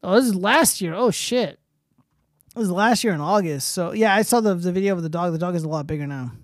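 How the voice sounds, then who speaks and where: A man's voice: sits high, lively intonation, brisk, no echo, studio quality. Profane young man chatting on stream. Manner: loose and profane, reading tweets aloud with running comments. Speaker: streamer host. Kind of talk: casual livestream chat.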